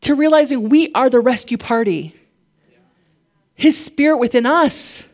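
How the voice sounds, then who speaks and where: A woman preaching a casual, conversational sermon, animated and chatty, her voice climbing when she gets fired up. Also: sits high, unhurried.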